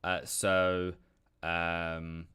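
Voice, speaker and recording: Norwegian-accented man, lowish voice, casual live-stream trading chat, jokey. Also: monotone, very slow, pushed and bright, smooth. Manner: jokey, thinks aloud, reads chat messages. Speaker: forex trader streaming live.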